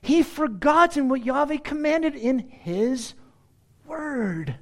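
Animated, sarcastic preacher man. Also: very high-pitched, slow. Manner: animated, sarcastic, rhetorical questions; swings between loud exclaims and hushed asides. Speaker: pastor. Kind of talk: expository sermon.

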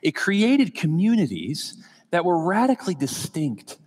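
A man preaching a sermon in a church, reading scripture in a measured, unhurried way with frequent filler sounds. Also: sits high, very animated, a little mellow, breathy edge, long reverb tail. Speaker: pastor. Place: church sanctuary.

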